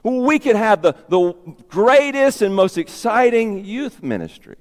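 A man's voice: high voice, big pitch swings, measured pace, long reverb tail. A man preaching a sermon as pastor, emphatic and repeating his key phrases.

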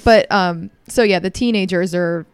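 A woman in her thirties co-hosting a podcast, chatting in a relaxed, conversational way. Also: on the low side, normal speed, smooth, no echo, soft background music. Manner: relaxed, conversational, hesitant fillers. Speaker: podcast co-host. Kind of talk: casual chat.

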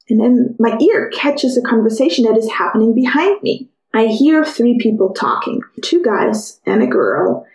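A woman hosting a podcast, telling a personal story in a lively way and acting out the quotes. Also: a little high, roomy sound, rough recording. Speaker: podcast host.

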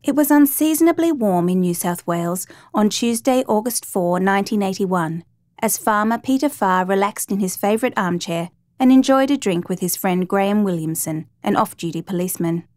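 A woman narrating a true rescue story in a measured, dramatic reading. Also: mid-range voice, expressive, a little mellow, no room sound.

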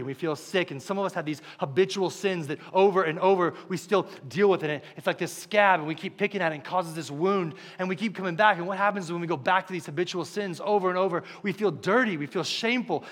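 A male pastor preaching a sermon to his church, stressing points by repeating them and swinging between hushed and loud. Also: sits high. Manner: emphatic, repeats key phrases, shifts between hushed and loud. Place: church service.

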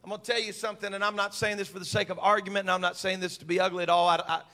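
A male preacher delivering an impassioned sermon, repeating phrases for emphasis and building from soft talk to shouting. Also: high-pitched, flat delivery, rapid-fire, long reverb tail.

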